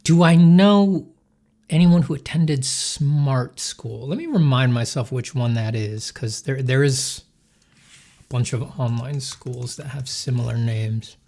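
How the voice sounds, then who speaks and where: A mid-range, darkish voice at a measured pace belongs to an artist drawing on a livestream. He chats casually, joking and rambling self-deprecatingly as he thanks supporters and responds to chat.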